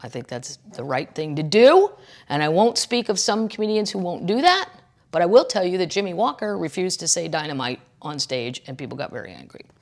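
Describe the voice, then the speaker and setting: A woman's voice: on the low side, big pitch swings, brisk, a little mellow. A woman comedian telling a brash, blunt story in a podcast chat.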